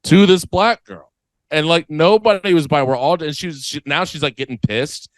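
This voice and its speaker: A man's voice: a little high, moderate pace, dry recording, rough recording. A man co-hosting a comedy podcast, telling a story in casual chat and acting out the people in it. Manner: animated storyteller acting out other people's voices. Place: podcast studio.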